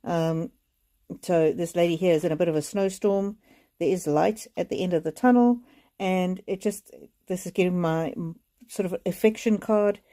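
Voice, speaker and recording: A woman with a lowish voice gives a live oracle card reading at a moderate pace. She speaks gently and reassuringly to viewers, chatty with many fillers, and often comes close to tears.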